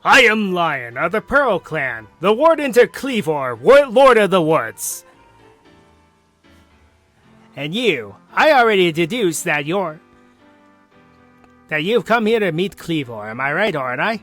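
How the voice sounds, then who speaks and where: A man's voice: high voice, big pitch swings, measured pace, fairly bright tone, soft background music, exaggerated voice. A man doing a pompous boastful warden. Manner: pompous, grandiose declarations. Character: boastful male clan warden, proud and dramatic.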